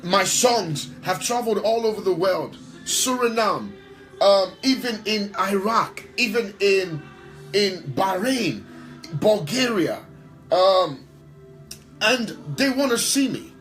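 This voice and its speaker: A man's voice: high-pitched, expressive, takes it slowly, fairly bright tone, soft background music, poor audio. A man who is a worship leader and pastor, answering in an interview with emphatic, preacher-like talk and repeating phrases for stress.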